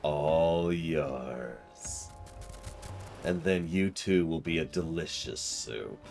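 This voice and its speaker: Man voicing a deep, menacing, slow-talking game villain who gloats over his plans. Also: expressive, vocal fry, darkish tone, soft background music, exaggerated voice. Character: sinister scheming male villain, menacing and slow.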